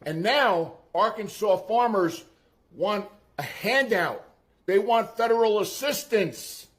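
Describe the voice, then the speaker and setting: A man's voice: high-pitched, animated, takes it slowly. A man giving a profane, mocking political rant. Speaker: political commentator.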